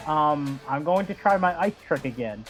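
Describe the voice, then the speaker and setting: Animated male tabletop player. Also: fairly high pitch, normal speed, faint music behind. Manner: eager, questioning the rules, cheering others on. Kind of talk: casual tabletop play.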